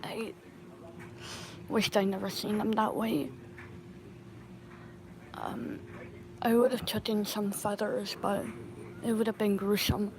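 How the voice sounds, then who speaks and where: Woman vlogger, slow halting storyteller, phone mic, faint hiss behind. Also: medium pitch. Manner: halting, with many restarts and pauses. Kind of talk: casual storytelling.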